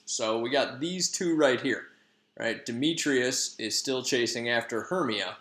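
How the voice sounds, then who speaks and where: A man's voice: mid-range voice, a little slow, fairly bright tone. A male teacher casually retelling a play to his class in slangy, conversational talk. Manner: slangy, conversational, lots of fillers. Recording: echoey room.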